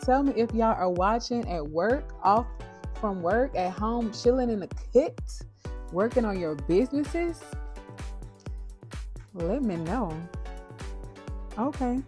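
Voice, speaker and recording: A woman's voice: fairly high pitch, lively intonation, slow, pauses often. A young woman, hosting a casual livestream in a chatty, upbeat, motivational way, often checking in with her viewers. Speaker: livestream host and dog breeder. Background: soft background music.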